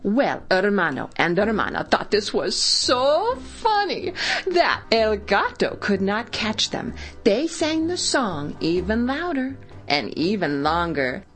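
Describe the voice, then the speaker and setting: Lively woman reading a children's story. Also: medium pitch, slow, soft background music. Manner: lively, expressive read-aloud.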